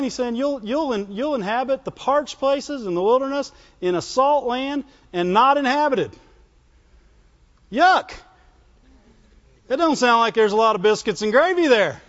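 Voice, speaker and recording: In a strikingly high voice, a man delivers a folksy, call-and-response sermon in a church hall. The sound is dull and muffled, followed by a long trailing reverb.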